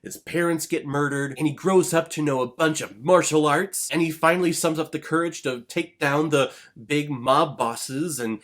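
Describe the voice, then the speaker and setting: A man hosting a movie review channel, talking casually with sarcastic asides. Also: mid-range voice. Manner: lively, quick conversational delivery. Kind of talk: casual film review commentary.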